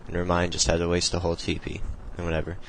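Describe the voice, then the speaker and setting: Low flat-voiced man explaining a game replay. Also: fast, a little hiss or hum, poor audio. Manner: loose, rambling, filler-heavy explaining. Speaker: replay commentator. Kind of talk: casual strategy game commentary.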